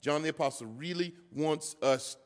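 A man's voice: a little high, normal speed, long reverb tail. A man preaching a sermon as pastor, driving points home through repetition and often restarting a phrase.

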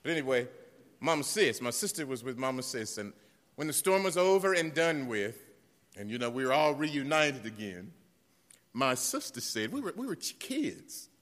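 A man from South Carolina, preaching a sermon as pastor, telling stories and building to loud, emphatic refrains. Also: medium pitch, big pitch swings, moderate pace, big-room sound. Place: church sanctuary.

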